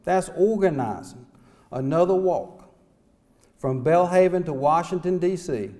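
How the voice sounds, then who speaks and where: A middle-aged man speaks as a small-town mayor, pleading his case before a conference audience. His voice sits high for a man, and he drives his points home with folksy phrasing and rhetorical questions. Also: darkish tone. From North Carolina. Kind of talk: impassioned public speech. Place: conference hall.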